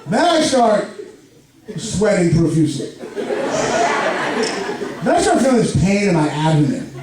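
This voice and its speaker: A young man with a lisp telling an animated stand-up comedy story on a club stage, jumping into loud, high outbursts. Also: unhurried. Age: young adult. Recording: echoey club, far mic, laughing crowd. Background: audience laughter.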